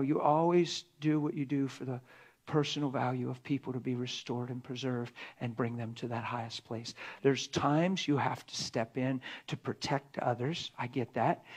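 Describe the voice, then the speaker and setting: A pastor giving a conversational sermon, earnest and full of rhetorical questions, acting out little dialogues. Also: male voice, mid-range voice, a little mellow. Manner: earnest, acts out dialogue between spouses.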